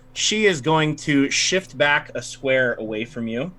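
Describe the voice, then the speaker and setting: A man running a tabletop game as game master, narrating the action and slipping into quick voices for the crowd. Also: fairly high pitch. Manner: animated, acts out crowd voices. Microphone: home mic on a livestream.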